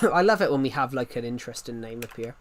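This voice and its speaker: A man's voice: mid-range voice, animated, fairly quick. A young British man in his twenties chatting casually on a live stream, rambling and repeating himself as he answers viewers. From Britain. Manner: rambling, repeats and restarts phrases.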